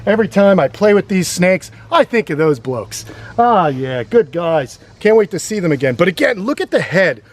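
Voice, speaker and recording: A man's voice: sits high, big pitch swings, moderate pace. A man hosting a casual educational vlog outdoors on a grassy lawn, explaining reptiles with chatty enthusiasm. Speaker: reptile sanctuary host.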